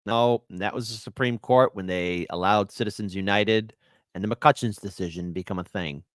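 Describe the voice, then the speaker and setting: A man's voice: lowish voice, normal speed, dry recording. A man hosting a live stream, commenting on clips in a sarcastic, mocking way. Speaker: livestream host.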